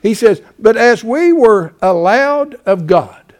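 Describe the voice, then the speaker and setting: Fiery high-voiced male preacher. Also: lively intonation, slow pace. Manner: emphatic, swings from loud urging to quiet pleading; repeats "bless God" as a filler. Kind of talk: fiery sermon.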